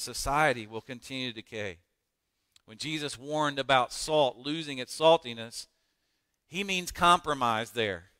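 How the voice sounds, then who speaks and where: A man preaching a sermon as pastor, emphatic, with dramatic pauses and rising emphasis. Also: on the high side, bright, forceful tone, clean tone, dry recording, studio quality, long reverb tail.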